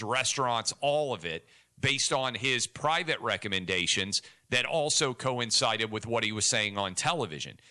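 A male talk radio co-host with a very bright, tense edge to his mid-pitched voice. He argues his case indignantly and with force. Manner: indignant, argumentative. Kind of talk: opinionated talk radio commentary.

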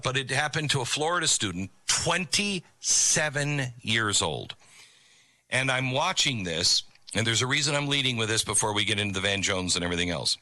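A man's voice: mid-range voice, pushed and bright, dry recording. A middle-aged man hosting an opinion commentary show, talking in an emphatic, preachy way about a video clip. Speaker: commentary host.

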